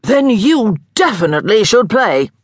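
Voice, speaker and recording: A woman voicing a boastful, tipsy young gentleman who is cheerful and a little dim, with giddy bragging. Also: fairly high pitch, sing-song, a little slow, dry recording, clean studio sound, voice pushed up. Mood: tipsy boasting.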